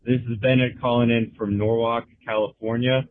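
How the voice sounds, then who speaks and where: A man's voice: medium pitch, level tone, normal speed. A man calling in to a radio show and telling a rambling, amused story. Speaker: caller. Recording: tinny phone line.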